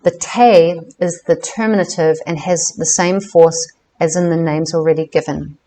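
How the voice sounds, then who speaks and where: A woman with a somewhat low voice reads a book aloud. She keeps a careful, measured pace and stops to fix herself on difficult words. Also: fairly even intonation, dark tone, poor audio. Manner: careful, measured reading with self-corrections on names. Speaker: reader of a book.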